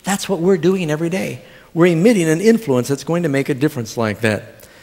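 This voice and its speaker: A man's voice: a little high, brisk, a little mellow. A middle-aged male pastor preaching a sermon, telling stories with humor and asking the congregation questions. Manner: storytelling with humor and audience questions. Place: church sanctuary. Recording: long church hall reverb.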